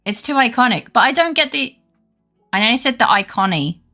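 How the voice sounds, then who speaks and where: A woman's voice: fairly high pitch, expressive, brisk, bright, forceful tone, soft background music. A woman chatting casually with her viewers on a live stream, swearing freely and laughing often.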